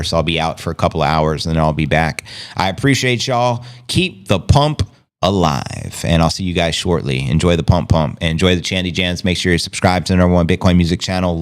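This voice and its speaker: A man hosting a casual livestream, reading viewer comments aloud in a laid-back, slangy way. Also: deep voice. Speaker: livestream host.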